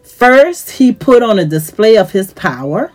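A woman teaching a Bible lesson, reading scripture aloud and then retelling it in plain words, her voice rising in pitch as she gets excited. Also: unhurried, faint music behind. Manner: voice rises in pitch when excited. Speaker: teacher of a church series.

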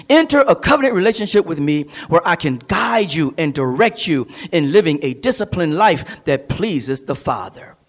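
A man preaching a sermon as a pastor, building emphasis through repeated phrases, in a church service streamed online. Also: on the high side. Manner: preaching with rising, emphatic repetition.

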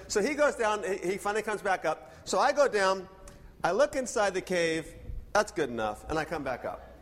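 Brief: male pastor, high voice, lively storyteller, echoey church hall. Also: normal speed. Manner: animated storyteller, acts out dialogue. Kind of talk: sermon with personal storytelling.

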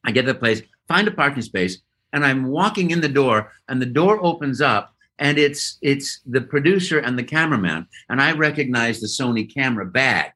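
A man guest telling a lively story in an interview and acting out voices and sounds as he goes. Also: medium pitch, normal speed. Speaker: guest voice actor. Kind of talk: animated storytelling.

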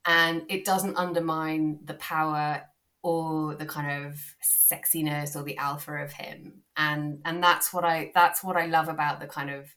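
A woman's voice: low voice, little pitch movement, unhurried, sharp tone. A British woman, a guest author, chatting casually and enthusiastically on a podcast, often restarting her sentences.

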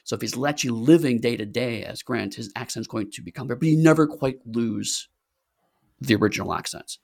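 Speaking briskly in a mid-range voice with vocal fry, this male podcast co-host chats casually. He rambles, leans on sarcasm, and keeps restarting his sentences and dropping in fillers.

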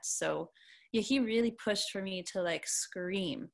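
A woman's voice: mid-range voice, takes it slowly, creaky. A young adult woman musician chatting casually in an interview, rambling with lots of fillers and casual swearing. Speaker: musician guest.

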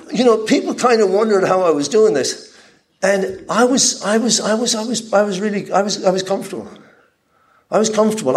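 A man's voice: a little high, a little mellow. A man speaking at a recovery convention, giving a candid personal share that rambles, with frequent restarts and repeated words.

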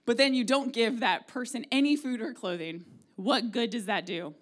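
A woman's voice: on the high side, normal speed. A woman in her forties with an American Midwestern accent, preaching a conversational, humorous sermon in a church. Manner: conversational and humorous, acting out quoted prayers. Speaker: pastor. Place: church sanctuary.

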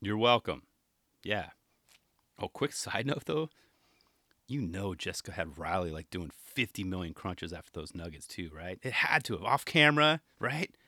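A man hosting a podcast, rambling in an animated, jokey, slangy way. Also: deep voice, moderate pace, dry recording, clean studio sound. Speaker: podcast host. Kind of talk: casual chat.

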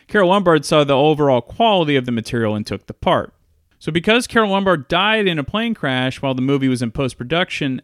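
A man's voice: mid-range voice, a bit bright, no room sound, clean studio sound. Chatty man reviewing old films. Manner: enthusiastic, chatty retelling. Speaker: movie reviewer. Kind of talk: casual video review.

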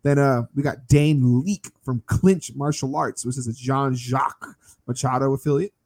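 A man with a husky, breathy voice co-hosts a podcast. He keeps it casual and joking, and reads out a list of names. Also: mid-range voice, steady tone, moderate pace, a little mellow. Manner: laughs easily, reads out names. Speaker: podcast co-host. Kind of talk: casual chat.

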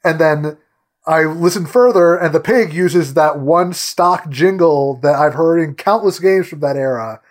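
Man, high voice, excitable, rambling, casual podcast chat. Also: measured pace. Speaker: podcast co-host.

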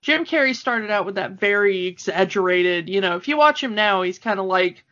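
A woman's voice: medium pitch, expressive, fairly quick, fairly bright tone. A woman in her thirties co-hosting a podcast, chatting casually and laughing often. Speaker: podcast co-host. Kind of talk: casual chat. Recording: dull lo-fi sound.

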